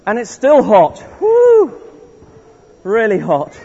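A man's voice: high voice, lively intonation, moderate pace. Guy leading a playful church story session, muffled dull sound, echoey church. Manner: playful, encouraging, restarts often. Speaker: church leader running an interactive all-age service. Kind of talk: interactive storytelling with a congregation. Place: large church hall.

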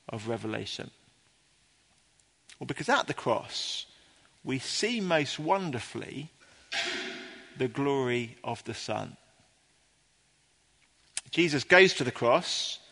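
A man preaching a sermon to a congregation in an earnest, explaining way, sometimes pausing with ums and restarting his sentences. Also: fairly high pitch, fairly bright tone, long reverb tail. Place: church before a congregation.

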